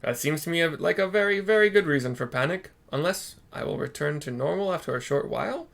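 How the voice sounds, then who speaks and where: A man's voice: a little high, huge pitch swings, moderate pace, exaggerated voice. A man voicing a flustered young man turned into a giant tortoise, panicking and exasperated. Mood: panicked.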